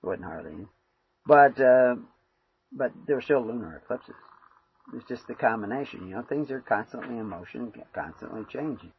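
Man, informal sermon, husky voice, rambling, dull lo-fi recording. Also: medium pitch, animated, normal speed. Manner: rambling, conversational, many fillers. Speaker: preacher.

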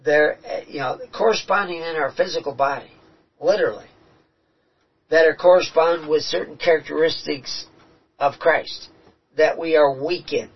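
A man's voice: fairly high pitch, normal speed, breathy edge. A man telling earnest, reflective stories about his spiritual experiences in a casual talk. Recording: dull, distant-sounding recording.

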